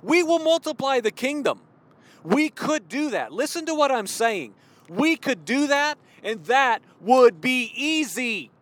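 Fervent high-voiced preacher man. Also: sing-song, a little slow, dry recording. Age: 40s. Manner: fervent and worked up, at times yelling. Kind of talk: impassioned sermon.

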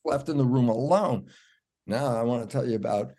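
Older man, cell biologist guest, animated storyteller, mid pitch. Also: normal speed. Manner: animated storyteller, acts out quotes, laughs. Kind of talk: storytelling in an interview.

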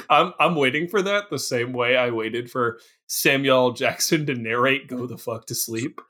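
A man's voice: medium pitch, normal speed, bright, forceful tone. A man co-hosting a podcast, reacting animatedly and laughing often during a casual movie chat. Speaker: podcast co-host.

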